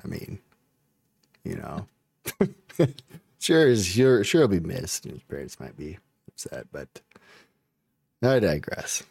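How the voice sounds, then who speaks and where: A man's voice: deep voice, big pitch swings, slow pace, vocal fry, long pauses, a little mellow, slightly rough, no room sound. A man chatting casually as a podcast host, rambling, laughing often and swearing a lot. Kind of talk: casual chat.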